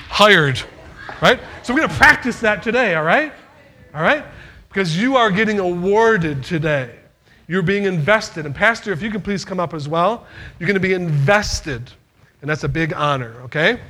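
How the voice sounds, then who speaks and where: A man's voice: high voice, bright, forceful tone. A man leading a church youth award ceremony as youth leader, speaking in an upbeat, encouraging, folksy way.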